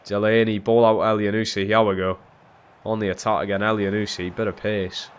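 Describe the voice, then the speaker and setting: A young man streaming a football video game, giving live commentary that drops to low mutters and jumps to shouts when something big happens, with plenty of swearing. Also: flat delivery, fairly quick, clean tone.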